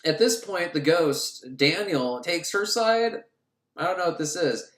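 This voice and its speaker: A man recapping a film for laughs, crude and sarcastic, acting out the characters in shrill voices. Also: expressive, unhurried, a bit bright. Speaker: podcast host recapping a film. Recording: echoey room.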